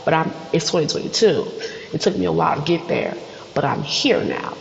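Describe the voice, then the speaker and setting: A woman hosting a solo podcast, telling a story in an animated, profane, rambling way. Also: low-pitched, fairly quick, gravelly, echoey room, long reverb tail, lo-fi sound, a little hiss or hum. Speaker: podcast host. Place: studio.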